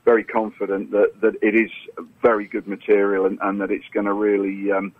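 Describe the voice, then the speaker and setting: Guy on a tinny phone line, excited, husky voice, stumbles over his words. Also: on the low side. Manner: enthusiastic, halting with repeated words. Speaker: comics artist guest. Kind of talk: phone interview.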